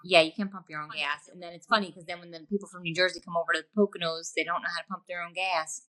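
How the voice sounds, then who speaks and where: A woman's voice: lowish voice, steady tone, very fast, pushed and bright, poor audio. Upbeat woman podcast co-host. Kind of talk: casual podcast chat.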